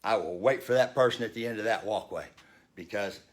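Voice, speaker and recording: A man's voice: fairly low pitch, fairly quick. A man in his fifties telling a story in a heated rant, blunt and profane. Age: 50s. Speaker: vlogger.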